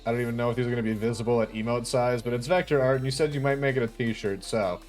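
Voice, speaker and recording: A man with a Wisconsin accent talks loosely over his drawing, voice in the middle of the range. He swears casually and sounds offhand. Quiet music plays underneath. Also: mid-range voice, steady tone, racing. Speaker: artist streamer. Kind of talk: casual chat while drawing on stream.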